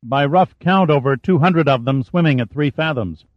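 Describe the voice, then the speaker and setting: A man voicing a brisk young sonar operator. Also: on the high side, dry recording, voice pushed up, close to an everyday voice. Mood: reporting. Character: crisp young male sonar operator reporting. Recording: dull, dry audiobook recording.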